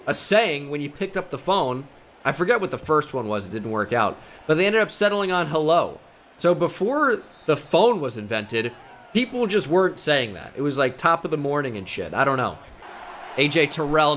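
A man giving casual, joking video game commentary, excitable and swearing freely. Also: on the high side, slight background noise. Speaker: gaming YouTuber.

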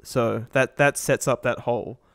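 A man's voice: medium pitch, steady tone, a little slow, vocal fry, a bit bright, dry recording, studio quality. A man co-hosting a podcast, talking casually and enthusiastically about a movie, swearing and laughing now and then. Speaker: podcast co-host.

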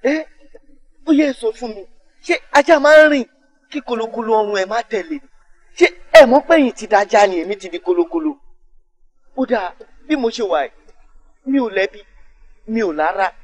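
A man's voice: very high-pitched, expressive, fast, long pauses. An actor playing a reproachful young man who reasons with elders in proverbs. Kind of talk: Nollywood film acting.

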